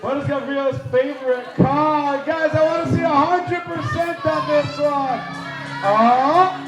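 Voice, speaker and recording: A man hosting a live quiz game at a party, energetic and playful, shouting out countdowns to the crowd. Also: very high voice. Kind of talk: lively live event hosting. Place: large indoor party hall. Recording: echoey hall with music and crowd.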